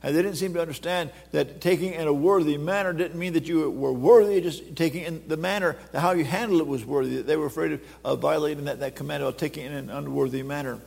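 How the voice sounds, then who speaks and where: An older man preaching a sermon, halting and repeating words, then quoting scripture with drama. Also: a little high, vocal fry, darkish tone. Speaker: pastor. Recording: long reverb of a hall.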